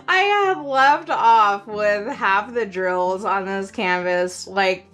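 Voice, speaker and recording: A woman's voice: medium pitch, fairly bright tone. A woman hosting a crafting channel, chatting casually and rambling with lots of fillers and frequent giggles. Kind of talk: casual show-and-tell chat.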